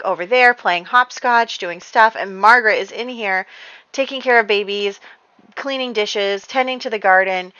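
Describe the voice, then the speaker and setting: A woman's voice: mid-range voice, sharp tone, no room sound, muffled recording. A woman giving chatty, giggly commentary over a life-sim game, often saying "like". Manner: chatty, giggly, heavy use of "like". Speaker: game let's-player. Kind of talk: casual gameplay commentary.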